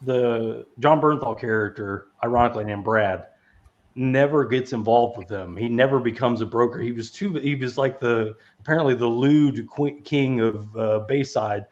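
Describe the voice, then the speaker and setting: A man's voice: mid-range voice, moderate pace. A man hosting a podcast, chatting casually about movies, rambling and laughing as he swears freely. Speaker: podcast host. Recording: dull lo-fi sound.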